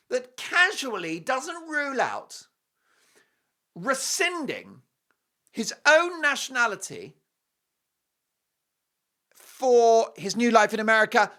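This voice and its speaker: A British man hosting a talk show, giving opinionated and mocking commentary on video clips. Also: extremely high pitch. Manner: animated and mocking, with scornful asides.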